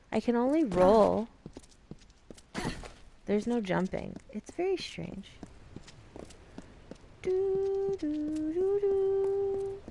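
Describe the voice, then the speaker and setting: Chatty woman with a gravelly voice. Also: fairly low pitch. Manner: chatty, swears casually, acts out characters' lines. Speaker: streamer playing a game. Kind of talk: casual gameplay commentary.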